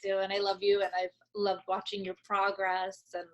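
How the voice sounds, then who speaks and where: A woman's voice: medium pitch, moderate pace, muffled recording. Chatty woman guest telling stories. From Long Island, New York. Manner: lively storyteller, laughing often. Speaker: guest, salon owner. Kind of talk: casual interview chat.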